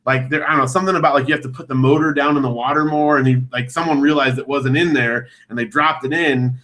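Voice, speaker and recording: A man hosting a podcast, telling a story in casual chat, self-mocking and animated, jumping to a high voice for quotes. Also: fast talker. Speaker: podcast host.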